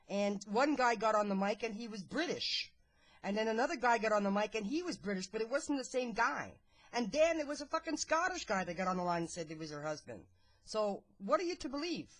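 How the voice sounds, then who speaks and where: A woman in a voice chat room, blunt and accusing, swearing as she questions another speaker. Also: mid-range voice. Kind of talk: heated voice chat.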